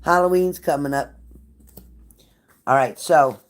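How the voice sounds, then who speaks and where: A woman's voice: sits low, slow. Blunt, profane woman tarot reader. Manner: blunt, profane, pep-talk delivery; repeats phrases for emphasis. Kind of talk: live tarot reading to viewers.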